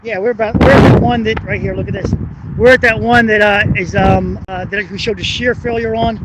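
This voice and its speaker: A man's voice: sits high, steady tone, fairly quick, dull audio. A man walking a bridge at night with a handheld camera, explaining its engineering in a rambling, hesitant way and swearing when annoyed. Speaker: construction engineering vlogger. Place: outdoors on a city bridge at night. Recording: noisy outdoor wind and traffic.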